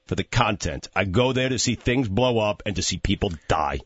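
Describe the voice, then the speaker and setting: A man's voice: lowish voice, animated, moderate pace, no echo, lo-fi sound. A man co-hosting a sports talk radio show, teasing bluntly with short interjections. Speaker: radio co-host.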